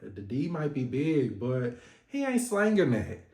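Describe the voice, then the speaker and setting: A man hosting a casual reality TV recap vlog, animated and sassy, laughing and swearing often. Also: mid-range voice, unhurried. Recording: echoey room.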